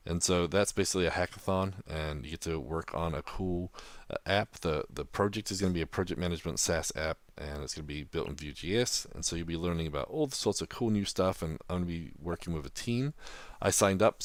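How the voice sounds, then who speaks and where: A man from New Zealand with a New Zealand accent softened toward American, co-hosting a podcast in a chatty way, laughing often. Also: sits low, dry recording. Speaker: podcast co-host. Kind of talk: casual podcast chat.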